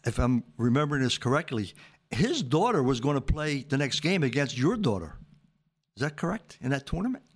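A man's voice: mid-range voice, very animated, brisk. A man co-hosting an interview, summing up and asking follow-up questions. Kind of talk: casual interview chat.

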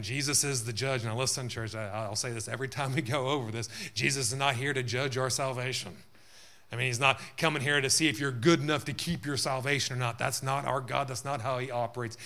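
A man's voice: medium pitch, bright, forceful tone. A male pastor preaching a sermon to his church, building in intensity with frequent amens.

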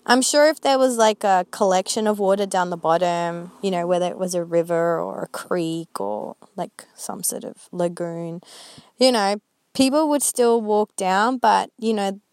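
A woman's voice: medium pitch, measured pace, darkish tone, no echo. A woman vlogger talking earnestly and rambling a little as she shares a Christian reflection, with many fillers. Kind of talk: casual faith reflection.

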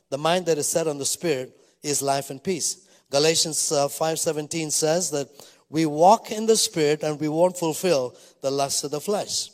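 Older male pastor preaching in a hall. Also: a little high. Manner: reads scripture slowly, then tells stories with many fillers. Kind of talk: sermon.

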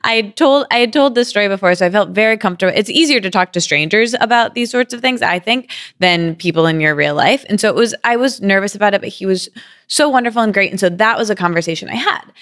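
A woman's voice: medium pitch, lively intonation, a bit bright, clean tone. A woman in her thirties telling a personal story in a candid, chatty way, full of "like" fillers. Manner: quick, chatty, frequent "like" fillers. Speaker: podcast guest.

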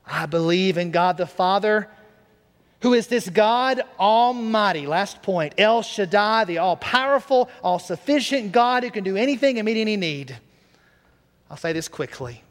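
A man preaching, retelling a story with earnest, drawn-out emphasis and soft drops. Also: high voice, in a large hall. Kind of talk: sermon storytelling.

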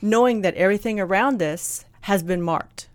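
A woman telling a personal story in a candid, blunt, animated way, acting out what people said. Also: medium pitch, moderate pace, no echo. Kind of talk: casual storytelling chat.

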